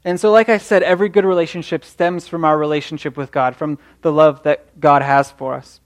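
A young man delivers a sermon with earnest encouragement. His voice sits a little high for a man, and he often stumbles and restarts his phrases as he talks. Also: fairly even intonation, a little fast. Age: young adult. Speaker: preacher.

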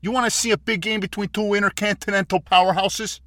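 A man's voice: high voice, steady tone, fast talker, sharp tone. A man co-hosting a casual chat, slangy and agreeable. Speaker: podcast co-host.

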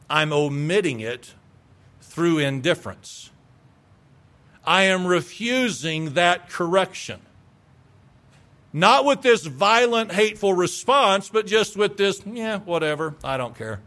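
Middle-aged male pastor, high-pitched, emphatic sermon delivery that acts out quoted replies. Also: takes it slowly, pauses often, a bit bright.

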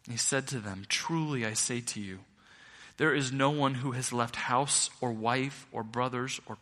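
A middle-aged male pastor preaching a sermon, building to loud peaks and then dropping quiet. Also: mid-range voice. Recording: long reverb of a large hall.

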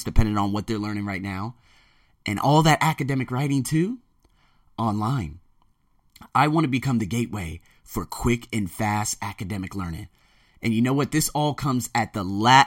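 Male vlog host, excited solo monologue, hushed then loud, dry close sound, middle pitch. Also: no room sound. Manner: hyped, fast-shifting energy, swings between hushed and loud. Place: in Thailand.

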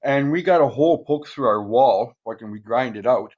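A man's voice: medium pitch, normal speed, breathy edge, highs cut off. A man casually telling profane, rambling stories in a podcast interview, chuckling often. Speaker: guest, former prisoner.

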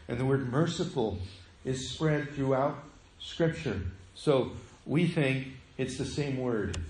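A man preaching a sermon as pastor, animated, swinging from loud to hushed. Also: medium pitch. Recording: echoey room, faint noise.

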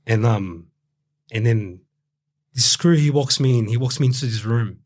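A man's voice: medium pitch, moderate pace, a little mellow. A young Australian man from Brazil, telling his story as a guest in a casual interview, rambling with heavy swearing and fillers. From Brazil, raised in Australia.

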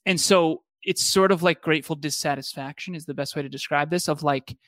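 A man's voice: a little high, fairly quick, fairly bright tone, no room sound. A man co-hosting a motivational talk show, earnest and reflective, often restarting his sentences. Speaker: podcast co-host.

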